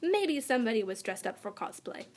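A woman's voice: fairly high pitch, sing-song, fairly quick. Lady reading as a cheeky schoolboy, skeptical, lightly raised voice. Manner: skeptical, whispering questions.

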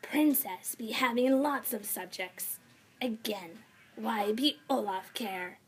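A woman voicing a menacing male bridge troll who speaks slowly in broken grammar, hissing and growling. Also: on the high side, husky, heavily acted. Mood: suspicious.

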